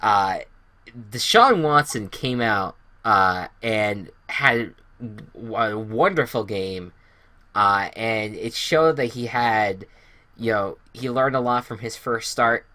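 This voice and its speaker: A man's voice: lowish voice, slow pace, pushed and bright, no echo. A man hosting a casual sports podcast, rambling through game recaps with many fillers and restarts. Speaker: podcast host.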